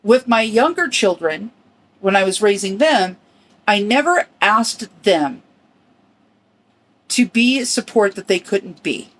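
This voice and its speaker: A middle-aged woman hosting a personal podcast, speaking earnestly and reflectively in short, halting phrases. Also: mid-range voice, lively intonation, a bit bright. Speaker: podcast host.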